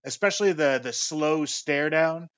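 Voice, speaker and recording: A man's voice: on the high side, unhurried, fairly bright tone, no room sound. A man co-hosting a podcast, chatting in an easygoing way with nerdy enthusiasm. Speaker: podcast co-host. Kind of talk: casual pop-culture chat.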